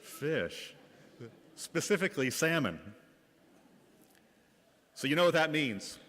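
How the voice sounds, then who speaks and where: A man's voice: on the high side, very animated, takes it slowly, fairly bright tone. A man from the Bay Area, a school principal, telling wry anecdotes with light comic timing during a reflection in church. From Bay Area, California. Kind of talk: humorous storytelling reflection in church. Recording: reverberant church hall.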